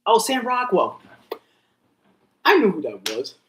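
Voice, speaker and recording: A man's voice: high-pitched, huge pitch swings, unhurried, a little hiss or hum. A young man chatting casually to himself and viewers as he reacts live, rambling and saying bro and dude. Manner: rambling, self-talking, says bro and dude. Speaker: vlogger reacting to an awards show.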